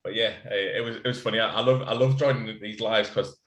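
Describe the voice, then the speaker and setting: A man rambles through casual podcast banter over a few beers, laughing and swearing as he goes. His voice sits a little low. The room around him rings with echo. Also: fairly even intonation, fast, a bit bright. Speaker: podcast co-host. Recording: echoey room.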